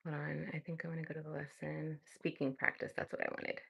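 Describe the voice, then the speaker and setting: A woman's voice: sits low, flat delivery, fast talker, gravelly, fairly bright tone, slightly rough. A young woman vlogging in a casual, chatty way, talking to herself and laughing at her own slips. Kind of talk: casual chat while studying a language.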